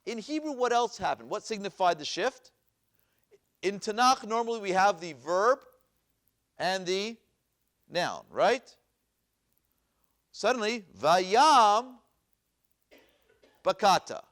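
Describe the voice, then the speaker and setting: A man's voice: sits high, animated, a little slow, pauses often, fairly bright tone. A man teaching a Bible class as a rabbi, reading verses aloud and asking his listeners questions. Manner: asks questions and repeats them, reads Hebrew verses aloud. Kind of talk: classroom lecture with questions to the audience. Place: synagogue classroom.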